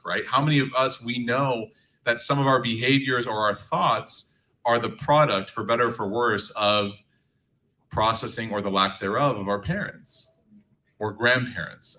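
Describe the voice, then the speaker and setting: A man's voice: mid-range voice, recorded from a distance, low-quality recording. A man giving a faith talk to a live audience, telling humorous stories with lots of fillers. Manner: animated, humorous storytelling, many fillers.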